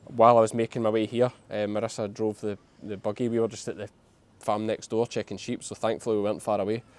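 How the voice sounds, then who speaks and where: A man's voice: on the low side, flat delivery, quick pace. A young man with a Scottish accent, a sheep farmer hosting a casual farm vlog outdoors and talking bluntly to the camera. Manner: blunt, swears casually, uses local dialect words. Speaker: sheep farmer and channel host.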